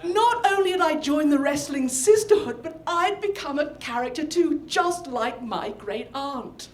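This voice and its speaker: A woman from the north of England, performing a personal story live with animated, dramatic delivery. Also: high voice, measured pace, echoey room. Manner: animated, dramatic, acts out scenes. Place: storytelling event venue.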